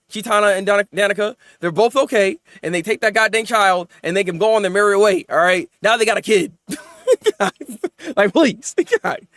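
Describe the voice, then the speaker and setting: A man reviewing anime episodes in casual, animated chat, venting and rambling as he goes. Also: sits high, no echo, clean studio sound. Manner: animated, rambling, quick to vent.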